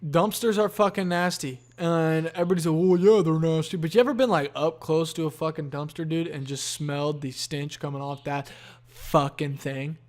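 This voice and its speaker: A man's voice: a little high, moderate pace. A tired, yawning man hosting a solo podcast, rambling in a laid-back, profane stream of consciousness. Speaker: podcast host.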